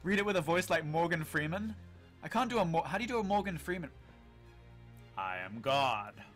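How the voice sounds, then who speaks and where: Man, fairly high voice, casual stream storytelling, joking asides, faint music behind. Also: fast talker, fairly bright tone. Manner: playful, self-mocking asides between read passages. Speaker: streamer reading a game story.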